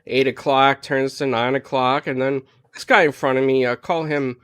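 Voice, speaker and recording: A man on a gaming podcast, casually retelling a story in an animated way, full of "like" and "you know". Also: mid-range voice, normal speed, clear, resonant tone, no echo, clean studio sound. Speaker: podcast panelist.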